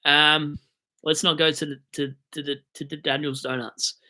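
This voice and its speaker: Young man, Australian accent, bright forceful voice, rambling, jokey live-stream chat. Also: a little high, level tone, normal speed. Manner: rambling, jokey, hyped on coffee. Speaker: fantasy football live streamer.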